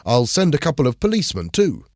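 A man voicing a brisk, fatherly police chief who calls the boy 'kid'. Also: fairly high pitch, wildly swooping pitch, dry recording, clean studio sound, voice pushed up.

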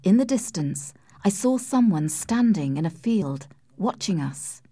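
A woman narrating a classic novel in a calm, measured storytelling voice. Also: medium pitch, slightly rough, no echo. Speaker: audiobook reader. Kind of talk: scripted narration.

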